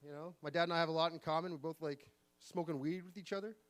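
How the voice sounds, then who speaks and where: A man in his forties doing an open-mic stand-up set, delivering deadpan one-liners with sudden pitch jumps on the punchlines. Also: fast. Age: 40s. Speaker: stand-up comedian. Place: live comedy venue.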